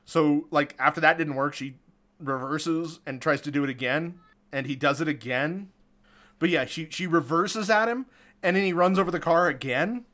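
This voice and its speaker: A man's voice: a little high, normal speed, pushed and bright. A man casually recapping a movie on a podcast, chatty and amused, laughing often. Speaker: podcast co-host recapping a film. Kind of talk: casual chat.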